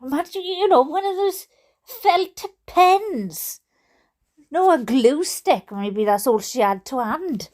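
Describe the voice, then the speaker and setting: A Welsh woman reads funny stories aloud and breaks off into chatty, giggly asides. Her high voice leaps up and down as she reacts with mock indignation. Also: animated, slow, darkish tone. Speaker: storyteller reading viewer stories.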